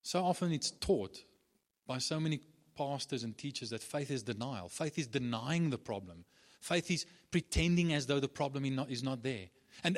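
A man preaching a sermon at an ordinary middle pitch. He hammers his points through repetition and often restarts his sentences, with plenty of fillers in between. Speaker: pastor.

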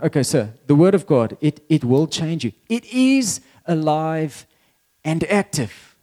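Dark-toned man preaching a casual sermon. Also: fairly high pitch, animated, measured pace. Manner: conversational, repeats words, chuckles. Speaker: pastor.

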